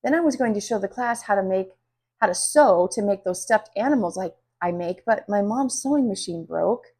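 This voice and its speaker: A woman voicing a friendly schoolgirl who sounds eager and worried, in a soft, breathy voice. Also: mid-range voice, expressive, normal speed.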